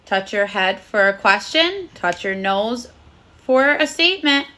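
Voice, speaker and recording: A woman's voice: mid-range voice, expressive, a little slow, pushed and bright. A woman teaching a recorded phonics lesson to first graders, speaking in a cheerful, sing-song voice and praising the children often.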